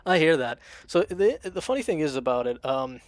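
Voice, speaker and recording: Streaming a game live, a man with a fairly high, sing-song voice talks at normal speed over a dry recording. He rambles, fills his speech with fillers and reads the chat out loud. He comes from a Russian-speaking family that immigrated to America.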